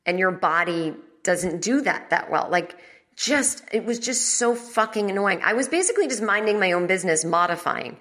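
A woman's voice: medium pitch, animated, moderate pace, fairly bright tone. A woman hosting a comedy podcast from home, telling a rambling, exasperated story and swearing freely. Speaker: podcast host.

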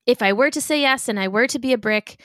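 A woman's voice: on the high side, fast, a bit bright, dry recording, clean studio sound. Thoughtful woman playing a tabletop game. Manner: thoughtful, hesitant. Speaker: player.

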